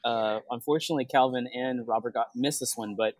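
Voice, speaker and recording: A man's voice: mid-range voice, a little fast, hardly any pauses, background noise. A young man hosting a casual podcast chat, telling stories with laughs along the way. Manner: laughing, animated storytelling. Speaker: podcast host.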